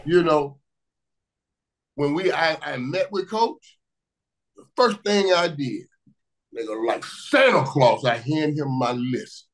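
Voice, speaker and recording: A man from Miami telling stories in casual conversation as a guest, lively and quick to repeat words. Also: a little high, low-quality recording. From Miami, USA. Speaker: guest, former pro football receiver. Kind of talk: animated storytelling in casual conversation.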